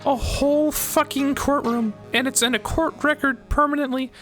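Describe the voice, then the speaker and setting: An American streamer voicing a small girl who pleads and sulks in a high, whiny voice over faint game music. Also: fairly even intonation, normal speed, a bit bright. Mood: pleading, sulky.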